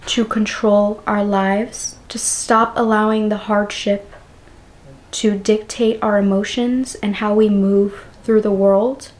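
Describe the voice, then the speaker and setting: A woman speaks to her vlogging camera in an unhurried, fairly flat voice, reflecting out loud without a script. She sounds earnest and emotional, close to tears, and leaves searching pauses between thoughts. The sound comes from the on-camera mic of a compact camera. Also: mid-range voice. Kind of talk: unscripted personal reflection to camera.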